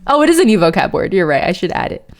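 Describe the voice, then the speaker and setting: A woman's voice: fairly low pitch, big pitch swings, quick pace, gravelly. A woman streamer reading a poem aloud in a put-on British accent, stumbling over words and chatting with viewers. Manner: chats with viewers between verses.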